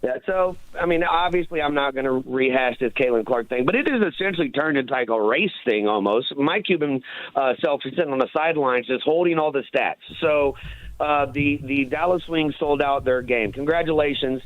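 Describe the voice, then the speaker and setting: A man's voice: medium pitch, a little fast, no room sound. A man calling in as a regular radio guest, talking bluntly and casually with lots of "dude" and "man". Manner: blunt, slangy, peppers talk with "dude" and "man". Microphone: phone. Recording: tinny dry phone line.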